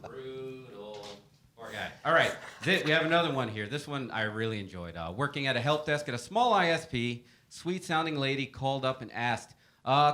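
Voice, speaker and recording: A man's voice: medium pitch, lively intonation, a little fast, bright, forceful tone. A man hosting a webcast segment, reading out help desk stories in an upbeat, playful way and laughing often. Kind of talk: casual storytelling to a panel.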